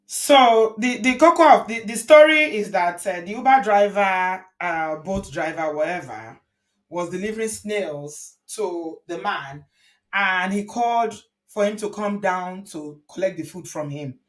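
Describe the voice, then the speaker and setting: A woman's voice: medium pitch, lively intonation, unhurried. A woman hosting a show, commenting indignantly on a video and repeating phrases for emphasis. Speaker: host reacting to a viral video. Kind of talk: casual commentary.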